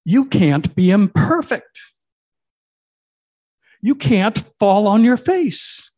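A man voicing a smug human ego that lectures God, slow and emphatic. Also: sits high, very animated, mellow, voice pushed up, full character voice.

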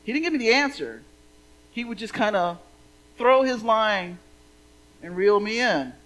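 A woman's voice: a little high, animated, a little slow, fairly bright tone, rough recording. Woman, minister, conversational sermon, playful preaching.

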